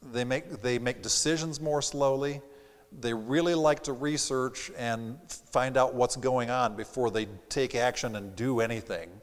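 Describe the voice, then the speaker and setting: A sales trainer with a mid-range voice and a faint Southern accent gives a live seminar from a theater stage. He is animated, acting out the customers he quotes with quick impressions, while the hall's long reverb makes his voice ring.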